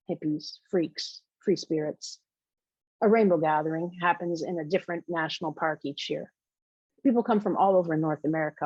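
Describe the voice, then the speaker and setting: Woman reading her own novel, low pitch, husky, dry muffled recording. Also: a little mellow, dry recording. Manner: measured, intimate storytelling. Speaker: author reading own book.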